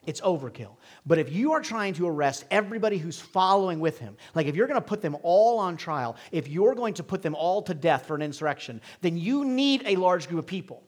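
Husky middle-aged guy preaching, voice jumps all over, goes quiet then loud. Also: sits high, expressive, fairly quick, few pauses. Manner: dynamic preaching, swings from hushed to emphatic. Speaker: pastor. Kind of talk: sermon.

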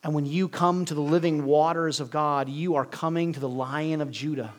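A male preacher delivering an earnest sermon, swinging between loud emphasis and hushed, near-whispered lines. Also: fairly high pitch, fairly even intonation, normal speed, a little hiss or hum.

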